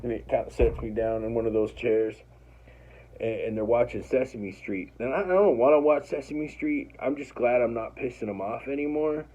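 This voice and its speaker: Speaking at a moderate pace in a mid-range voice, a man rambles through a personal story full of profanity, animatedly voicing the lines of the people involved. The recording has its highs cut off.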